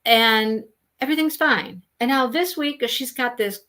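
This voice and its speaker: A woman hosting a casual live stream, chatting with viewers and telling stories in an animated way. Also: on the high side, normal speed. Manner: chatty, animated storytelling, greets viewers by name. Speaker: livestream host.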